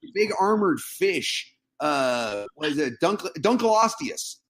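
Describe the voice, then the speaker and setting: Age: unknown. Sex: man. Role: podcast guest. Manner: profane and joking, with drawn-out exclamations. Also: on the high side, big pitch swings, a bit bright. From Southern United States. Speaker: guest piercing artist. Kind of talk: casual podcast chat.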